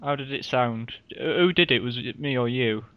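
A man's voice: medium pitch, normal speed, smooth, dry recording, lo-fi sound. A man co-hosting a casual podcast, bantering and laughing often between remarks. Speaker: podcast co-host. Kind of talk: casual chat.

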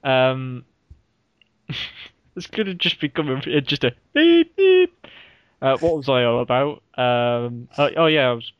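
A man's voice: medium pitch, steady tone, unhurried, a bit bright, clean tone, no room sound. A man co-hosting a casual podcast chat, telling rambling stories and laughing often. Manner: rambling, giggly storyteller. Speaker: podcast co-host. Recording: dull, dry lo-fi recording.

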